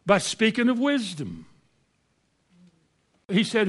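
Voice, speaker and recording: A preacher with a somewhat high voice delivers an expressive, unhurried sermon, pausing often. He presses his congregation with rhetorical questions, leaping into high exclamations before sinking to soft, low asides.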